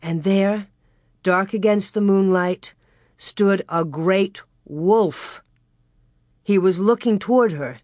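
Slow, gentle woman reading a storybook aloud. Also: mid-range voice, no echo, studio quality. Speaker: reader.

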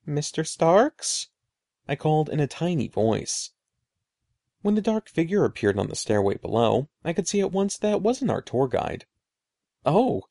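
A male narrator reads a spooky children's story with expressive, suspenseful delivery. His voice is mellow with a gravelly texture, and his pitch moves freely across phrases. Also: moderate pace, no echo, clean studio sound. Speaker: audiobook narrator.

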